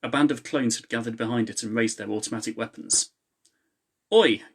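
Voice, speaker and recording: A man's voice: mid-range voice, fairly even intonation, quick pace, fairly bright tone, husky. A man who is the author, reading his novel aloud in a live stream from home and chatting casually with viewers in between. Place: home, with a laptop.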